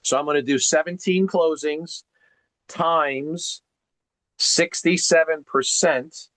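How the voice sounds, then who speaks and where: Guy coaching on a video call, kinda high pitched, punchy and teachy, asks lots of rhetorical questions. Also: steady tone, slow pace, fairly bright tone, no echo, poor audio. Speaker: sales coach.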